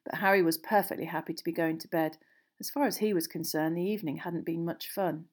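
A woman narrating a storybook aloud in a steady, measured reading. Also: on the low side. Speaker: audiobook narrator.

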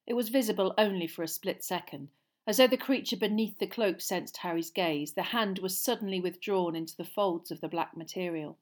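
A woman narrating a storybook aloud in an expressive, dramatic style. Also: on the low side, fairly quick. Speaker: audiobook narrator. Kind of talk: scripted narration.

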